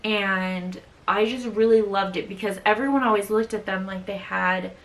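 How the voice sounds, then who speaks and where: A woman's voice: mid-range voice, steady tone, moderate pace, a bit bright, distant mic. A young woman co-hosting a casual book review chat, gushing and repeating herself with enthusiasm. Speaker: co-host. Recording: voice sitting off-mic.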